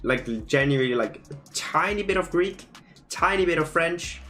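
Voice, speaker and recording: A man's voice: on the high side, expressive, a little slow, sharp tone, faint music behind. A young man casually chatting and joking with his chat as he draws live. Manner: playful, joking, reads chat aloud. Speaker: streamer drawing fan creatures live. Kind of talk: casual livestream chat while drawing.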